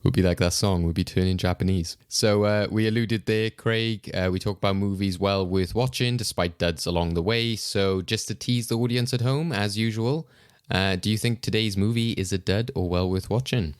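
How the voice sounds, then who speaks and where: Low-voiced, smooth male podcast host. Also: moderate pace, dry recording, studio quality. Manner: chuckles often, loose and chatty. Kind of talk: casual podcast chat.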